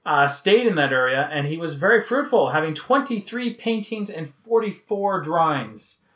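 A man's voice: on the high side, lively intonation, moderate pace, fairly bright tone. A man from Canada co-hosting a casual music podcast, chatting and reading out researched facts about a band. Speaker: podcast co-host. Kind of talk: casual chat.

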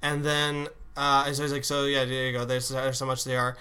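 Male podcast co-host, bright tone, easygoing casual chat. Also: mid-range voice, clean tone. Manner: relaxed, chatty, quick to laugh.

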